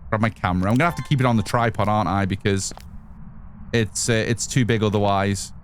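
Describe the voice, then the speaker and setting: In a fairly low voice at a quick pace, a man streams his gameplay with chatty live commentary, addressing both his chat and himself. A little hiss or hum runs through the audio.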